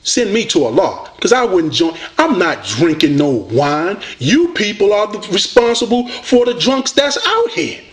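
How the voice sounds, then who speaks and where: A man's voice: high voice, very animated, unhurried, few pauses, a bit bright. A man from the United States, delivering a combative, preachy video rant at a rival debater. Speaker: online debater addressing a rival.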